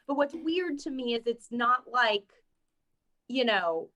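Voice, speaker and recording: A woman's voice: medium pitch, a bit bright. A woman co-hosting a podcast in casual chat, reading out news and talking wryly, often laughing as she speaks. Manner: wry, laughs while talking. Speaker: podcast co-host.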